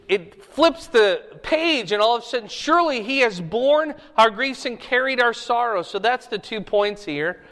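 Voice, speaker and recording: A man's voice: sits high, fairly bright tone. A man preaching a sermon, reading scripture and explaining it conversationally, often checking in with "okay?". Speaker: pastor. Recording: echoey hall.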